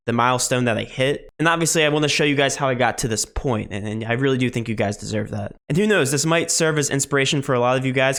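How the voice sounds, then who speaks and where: A man's voice: medium pitch, fairly bright tone. A young man in his twenties talking earnestly to his viewers in a personal vlog, his voice nasal from illness, often repeating words as he gathers his thoughts. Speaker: sports betting channel host.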